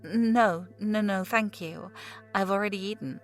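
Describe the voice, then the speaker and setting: A woman's voice: mid-range voice, measured pace, faint music behind, lightly acted. Lady voicing a scared young guy hiker, stammering, audiobook horror story. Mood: startled. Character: young American male hiker, frightened and stammering.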